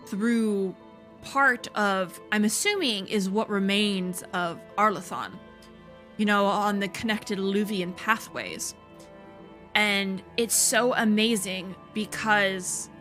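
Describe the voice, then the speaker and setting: A woman hosting a gaming video, giving casual let's play commentary with quick, excitable exclamations. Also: mid-range voice.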